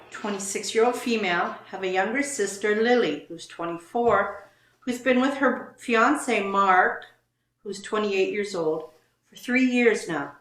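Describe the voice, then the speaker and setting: A woman's voice: medium pitch, fairly bright tone. Woman reading posts in an echoey room. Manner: reads posts aloud then comments. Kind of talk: reading and discussing online posts.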